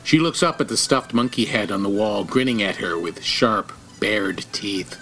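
A man's voice: fairly low pitch, expressive, moderate pace, bright, forceful tone, faint music behind. A man giving dramatic, suspenseful scripted narration for an audio comedy.

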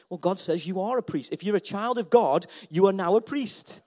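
A man delivers a sermon to a church hall, with a fairly high pitch for a man. He talks with passion and repeats his phrases for emphasis. His voice swells loud and then drops soft. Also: expressive, brisk. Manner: passionate, rising and falling in volume, repeats phrases. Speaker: pastor.

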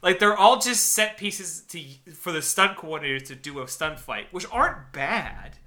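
A man's voice: high voice, expressive, moderate pace, pushed and bright. A man co-hosting a casual movie discussion podcast, rambling and restarting his sentences as he talks. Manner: rambling, self-interrupting. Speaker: podcast co-host.

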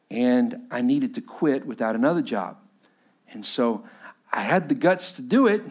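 Gravelly Texan preacher man. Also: fairly high pitch. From West Texas. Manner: storytelling, swings from loud to hushed. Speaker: pastor. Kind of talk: sermon.

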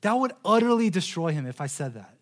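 A man in his thirties preaching a sermon in an earnest way, slowing right down on key phrases and repeating words as he restarts. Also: high voice, big pitch swings. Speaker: pastor.

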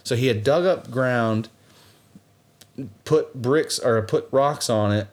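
A man telling stories in a casual chat, animated and laughing often while acting out the people in them. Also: mid-range voice, slow.

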